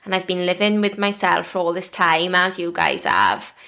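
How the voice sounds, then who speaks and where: A woman's voice: fairly low pitch, very animated, normal speed, sharp tone. A woman in her thirties with a British accent, hosting a podcast in a chatty, confiding way with lots of "like" fillers. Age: 30s. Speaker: podcast host. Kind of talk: casual solo podcast chat.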